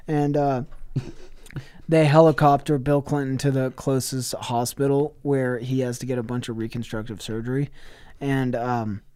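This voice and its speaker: A man of middle pitch narrating a profane improvised comedy bit, mostly deadpan. He sounds dry and close to the mic. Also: normal speed, smooth, no echo. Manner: deadpan profane narration with sudden loud outbursts. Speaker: podcast co-host.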